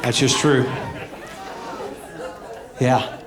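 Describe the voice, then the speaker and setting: A man, doing high-energy stand-up comedy with plenty of audience asides. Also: little pitch movement, drawn-out words, crowd noise. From Alabama, US. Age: 50s. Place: comedy club stage. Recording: echoey club room.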